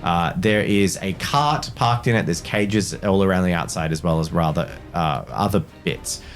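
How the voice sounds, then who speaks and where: A man narrating as game master, describing the scene with frequent pauses and fillers. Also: deep voice, soft background music. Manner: halting narration with many fillers.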